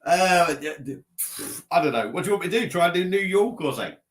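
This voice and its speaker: A man's voice: high voice, animated, fast. A man with a slightly stuffy nose chatting casually at his desk on a live stream, rambling and making fun of himself. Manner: rambling, self-mocking, chatty, reading out comments. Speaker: beer vlogger live-streaming. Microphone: laptop mic.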